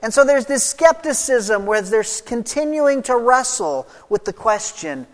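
A preacher giving an expository sermon, stressing points loudly and then dropping quiet. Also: medium pitch, expressive, measured pace. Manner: emphatic teaching, swinging between loud stresses and quiet drops. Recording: long reverb of a large hall.

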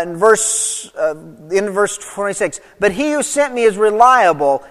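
A man preaching from the pulpit, reading verses and then pressing his point with emphasis. His voice sits high for a man, rising loud and dropping soft. A long reverb trails behind him as in a large hall. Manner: reads scripture aloud, then expounds with emphatic swings of pitch and volume. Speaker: pastor. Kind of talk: sermon.

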